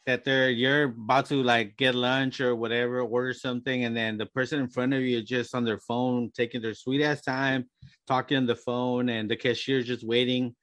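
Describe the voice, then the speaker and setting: A podcast host who talks quickly and jokingly and introduces a listener's question. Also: medium pitch, level tone, fairly bright tone, no room sound. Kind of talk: casual chat.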